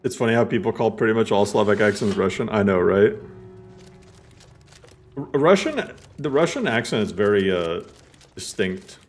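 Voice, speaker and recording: A man's voice: lowish voice, a little fast. A young man streaming a game, chatting casually and swearing a lot as he argues with his chat. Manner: profane, chatty, arguing with chat. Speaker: gaming streamer. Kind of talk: casual live-play chat.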